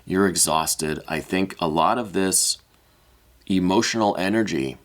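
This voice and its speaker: Soft-spoken deep-voiced man reading tarot. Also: a little slow. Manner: gentle, hesitant, with many restarts and fillers; emotional, apologetic. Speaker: tarot reader.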